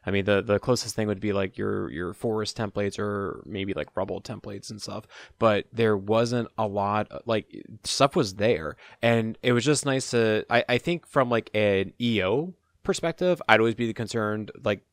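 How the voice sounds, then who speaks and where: Low-voiced podcast co-host, dry sound. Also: male voice, normal speed, creaky, dry recording. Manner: rambling, many fillers and restarts. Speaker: podcast co-host and event organizer. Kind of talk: casual roundtable chat.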